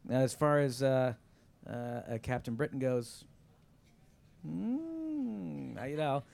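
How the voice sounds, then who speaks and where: A male panelist answers audience questions in a lively, animated way, stumbling over fillers as he thinks aloud. His voice sits in an ordinary middle range. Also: medium pitch, slow pace, creaky.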